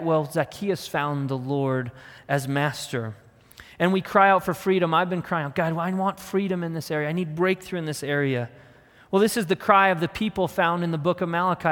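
A man in his thirties preaching a sermon as a pastor, earnest, repeating his questions and slowing down on key words. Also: fairly high pitch, fairly bright tone. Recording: long hall reverb.

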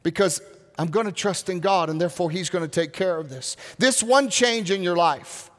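A man preaching a sermon as pastor, earnest, slowing down to stress key words. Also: high-pitched. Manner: earnest preaching with slow, drawn-out emphasis. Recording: reverberant hall.

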